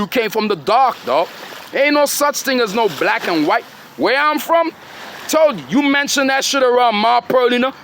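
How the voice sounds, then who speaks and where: A man's voice: very high-pitched, fairly bright tone, slight background noise. A middle-aged man giving a rambling, preachy monologue to his children and followers. He talks in street slang and keeps throwing questions at his listeners.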